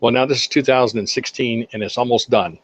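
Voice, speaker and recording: An older man, the guest of an interview, telling folksy, animated anecdotes about his accounting work with contractors and acting out the quotes. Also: medium pitch, fast talker. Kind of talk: casual interview storytelling. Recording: slightly dull lo-fi sound.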